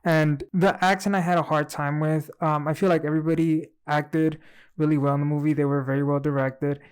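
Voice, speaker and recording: A man co-hosting a casual movie review chat, giving his opinions in a relaxed, rambling way. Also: on the high side, brisk, clear, resonant tone.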